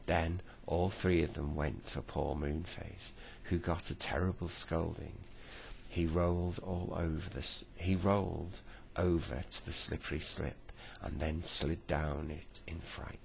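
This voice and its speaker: A man reading a bedtime story aloud in a slow, unhurried way, with small slips. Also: deep voice, level tone, creaky, a little hiss or hum.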